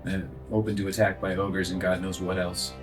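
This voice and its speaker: A man's voice: sits low, little pitch movement, brisk, music in the background. A man playing in a tabletop role-play game who speaks in character with commanding theatrics. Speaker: player.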